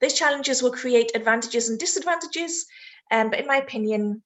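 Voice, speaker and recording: A woman's voice: on the high side, moderate pace, fairly bright tone. A British woman teaching a live online lesson, giving essay feedback in a chatty way and reacting to viewers' messages. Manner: chatty, laughs easily, reads chat aloud mid-sentence. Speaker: IELTS teacher.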